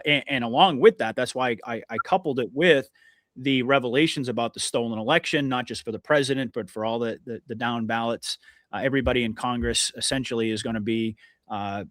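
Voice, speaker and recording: A man hosting a conversational podcast, earnest and emphatic, often restarting his sentences. His voice sits at an ordinary middle pitch. The recording is close and dry, with no room sound. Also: a bit bright, dry recording. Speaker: podcast host. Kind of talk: casual conversational interview.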